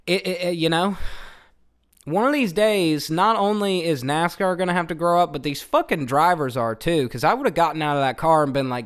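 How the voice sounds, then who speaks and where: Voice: medium pitch, animated, a little fast. A channel host delivering a profane, heated rant, swearing often, repeating points for emphasis and talking straight to the viewers. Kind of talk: profane old-school rant to camera.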